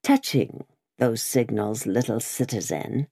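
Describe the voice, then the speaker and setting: A woman's voice: extremely low pitch, lively intonation, gravelly, warm tone, breathy edge, dry recording, clean studio sound, full character voice. A woman voicing a stern, vengeful revolutionary woman. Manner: stern, cold, deliberate.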